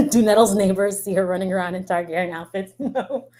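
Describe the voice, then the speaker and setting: A woman's voice: mid-range voice, normal speed, darkish tone. A woman giving a casual reaction commentary as a YouTuber, chatty and blunt, swearing freely and laughing often. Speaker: YouTuber reacting to a show trailer.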